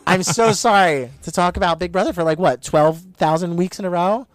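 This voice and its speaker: A man co-hosting a podcast in casual chat, talking in an excitable, gushing way with quick asides, a little out of breath from the heat. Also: high voice, no echo, studio quality. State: hot and short of breath. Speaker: podcast co-host.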